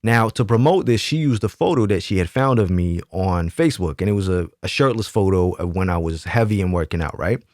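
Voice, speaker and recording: A man's voice: low-pitched, expressive, brisk, hardly any pauses, darkish tone, no echo, clean studio sound. A man telling a personal story in a casual monologue, emphatic and often checking in with "right?". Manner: emphatic, keeps asking "right?". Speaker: YouTube commentator.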